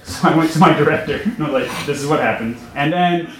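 A young man telling a self-mocking story on stage, chatty, breaking into laughter as he goes. His voice sits a little high for a man, and the room gives it a roomy echo with faint noise behind. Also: fast. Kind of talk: live personal storytelling. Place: stage before a live audience. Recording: echoey room.

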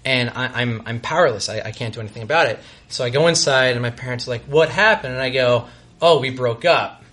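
A young man telling a self-mocking comic story on a live stage, halting and restarting as he goes. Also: medium pitch, a bit bright. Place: live show before an audience.

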